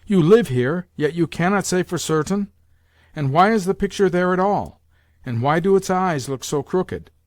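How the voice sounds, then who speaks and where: A man reading an audiobook, voicing an imperious, domineering old grandmother with a loud, sharp, commanding voice pitched above his own. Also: expressive, moderate pace, dry recording, studio quality, natural voice.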